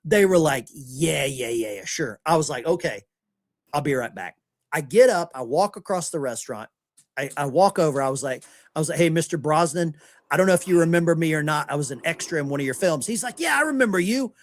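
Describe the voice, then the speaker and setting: A man's voice: on the high side, fast talker, dry recording. A middle-aged American man telling anecdotes in casual podcast chat and acting out the people he quotes. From United States. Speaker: podcast host.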